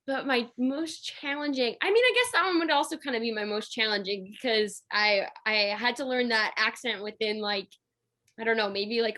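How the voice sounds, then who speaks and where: A woman's voice: medium pitch, sharp tone. A woman on a panel, talking cheerfully with small laughs over a video call. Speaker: actor on a fan convention panel. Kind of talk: casual panel chat.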